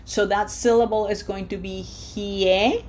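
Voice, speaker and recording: This is a woman teaching a recorded online lesson in a slow, unhurried way. Her pitch sits in an ordinary middle range. She repeats each rule patiently, step by step. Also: a little hiss or hum. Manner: patient, repeats drills step by step, slows down to model words. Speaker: Spanish teacher.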